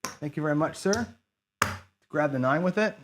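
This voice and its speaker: A man's voice: fairly high pitch, animated, normal speed, noisy background. A man giving casual running commentary as he plays a dice game on a live stream, chatting to his viewers. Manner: chatty, talks to himself and chat viewers. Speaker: craps streamer.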